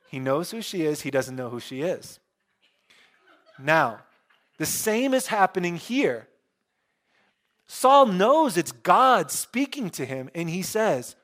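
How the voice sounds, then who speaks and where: A middle-aged man preaching a conversational sermon, with joking asides and animated emphasis. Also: fairly high pitch, moderate pace. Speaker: pastor.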